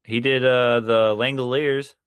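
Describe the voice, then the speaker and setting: A man's voice: mid-range voice, steady tone, a little slow, clear, resonant tone, no echo. A man co-hosting a podcast, chiming in with short laid-back remarks. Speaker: podcast co-host. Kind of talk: casual podcast chat.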